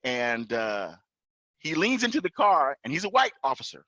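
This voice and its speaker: A man's voice: on the high side, moderate pace, no room sound. A man telling a personal story in casual chat as a podcast guest, acting out other people's lines with a raised voice. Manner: animated, acts out officers' lines in raised voice. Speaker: podcast guest, pilot and entrepreneur. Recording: dull lo-fi dry sound.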